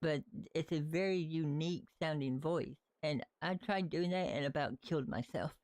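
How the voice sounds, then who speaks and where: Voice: medium pitch, normal speed, darkish tone, no echo. Chatty, rambling livestreamer. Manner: rambling, chatty, talks to characters in the game and to viewers. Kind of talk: casual live gameplay chat.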